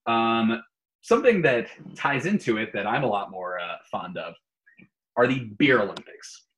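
A man's voice: mid-range voice, moderate pace, poor audio. Guy hosting a podcast, voice jumps up and down a lot, playful. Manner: animated quiz-giver, playful. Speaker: podcast co-host. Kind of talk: casual podcast chat.

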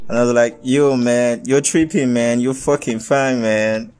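A young man with a Nigerian accent telling a wild personal story in a lively, profane way, dropping into Pidgin and Yoruba. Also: mid-range voice, unhurried, hardly any pauses, smooth, soft background music. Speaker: vlogger. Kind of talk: casual storytelling.

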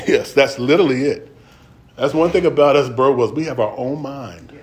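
A middle-aged man preaching a sermon, moving between slow scripture reading and quick, folksy stories broken up by laughter. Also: medium pitch. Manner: reads scripture slowly, then tells stories quickly and laughs; folksy and conversational with slang.

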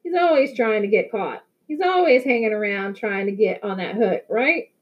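A woman's voice: medium pitch, moderate pace, muffled recording, natural voice. A woman voicing a swaggering teenage boy bully with a taunting, mocking manner. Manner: taunting, sneering, loud.

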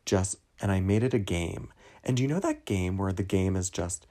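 Young man from New Jersey, podcast host; low, gravelly voice; casual, wandering, self-mocking monologue. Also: brisk, mellow. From New Jersey, USA. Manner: rambling, digressive, self-deprecating.

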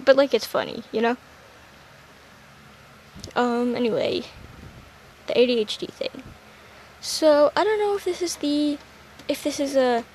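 A young woman hosting a solo podcast, talking in a playful, rambling, self-mocking way that jumps suddenly between loud and quiet. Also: high voice, slight background noise, rough recording. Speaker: podcast host.

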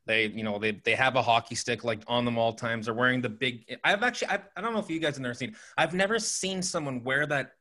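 A man's voice: medium pitch, quick pace, few pauses, bright, forceful tone. A man from Western Canada co-hosting a podcast, asking questions in a hesitant, filler-filled way. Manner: hesitant, many restarts and "like". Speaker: podcast co-host. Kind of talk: casual podcast chat.

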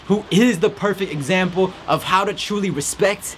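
A man's voice: sits high, moderate pace, slight background noise. A man hosting a podcast, giving an upbeat faith-based pep talk outdoors in the rain. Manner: preachy and upbeat, with a mock reporter voice at times. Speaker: podcast host. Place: outdoors in a storm. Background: rain and faint music.

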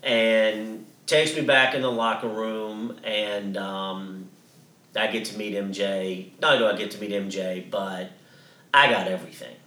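A man's voice: lowish voice, steady tone, unhurried, bright, forceful tone, roomy sound, far from the mic. A man co-hosting a podcast, telling a story in a casual, rambling way with many restarts and some swearing. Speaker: podcast co-host.

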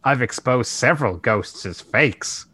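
A man's voice: mid-range voice, animated, a little slow, bright, forceful tone, breathy edge, no room sound, exaggerated voice. A man reading aloud, voicing a skeptical young woman who debunks ghosts, with a raised voice and a blunt, questioning manner. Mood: defensive.

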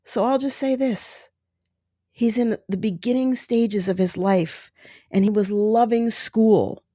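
A woman's voice: a little high, slow pace, mellow, no room sound, studio quality. A woman in her forties hosting a podcast, speaking candidly and emotionally in a personal monologue. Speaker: podcast host.

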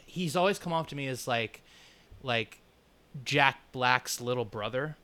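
A man co-hosts a casual movie review podcast, trading wry jokes and laughs. His voice is bright and forceful, with a smooth, crisp clarity. He sounds at ease and chatty. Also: mid-range voice, a little slow. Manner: wry, laughs often, brief impressions. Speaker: podcast co-host.

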